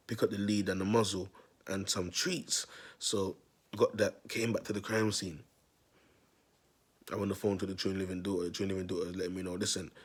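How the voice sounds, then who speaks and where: A man's voice: sits low, a little mellow, slightly rough. A man telling a long story to his viewers in street slang, repeating himself and calling out to them as people. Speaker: self-styled prophet vlogger. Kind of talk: rambling storytelling monologue.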